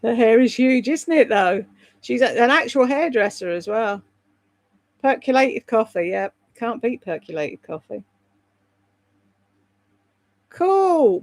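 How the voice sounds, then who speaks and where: A woman's voice: mid-range voice, creaky, dry recording. A British woman chatting casually on a live stream, rambling between topics and reading out viewer comments. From Britain. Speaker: live streamer and voice-over artist.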